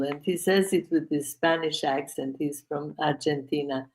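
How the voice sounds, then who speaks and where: An older woman joins a podcast over a video call from home, talking very slowly and hesitantly in a fairly low voice. Her remarks come out dry and sarcastic in a casual, unhurried chat. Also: a little mellow. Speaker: podcast co-host.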